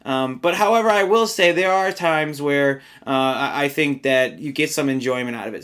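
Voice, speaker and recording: A man's voice: a little high, moderate pace, few pauses, a bit bright, smooth. A man giving a casual spoken film review, rambling with many fillers and getting exasperated and swearing when worked up. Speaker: movie reviewer.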